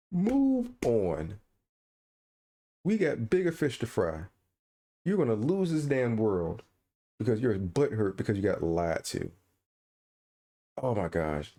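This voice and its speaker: A man with a fairly low voice co-hosts a podcast, speaking unhurriedly with long pauses. In casual chat he rants animatedly and incredulously, laughing along the way.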